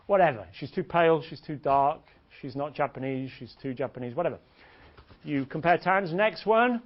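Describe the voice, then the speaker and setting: A man teaching a dating seminar in an animated, joking way, swearing and laughing often. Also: a little high, a little fast. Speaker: dating coach. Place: seminar room. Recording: dull lo-fi recording.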